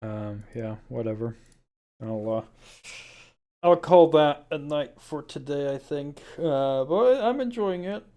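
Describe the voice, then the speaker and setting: A man's voice: a little high, expressive, slow pace, mellow, clean tone. A man streaming a game, chatting casually as he wraps up, rambling and hesitant with many fillers. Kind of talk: casual stream sign-off chat.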